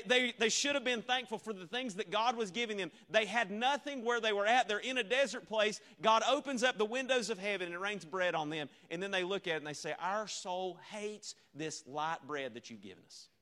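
A man's voice: high voice, sharp tone. A man preaching a revival sermon, earnest and repetitive, asking the congregation rhetorical questions. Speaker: visiting preacher.

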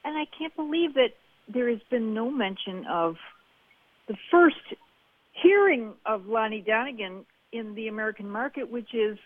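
A woman leaving an eager, animated voicemail for a radio show as a caller. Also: on the high side, normal speed, phone-quality sound. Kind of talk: listener voicemail.

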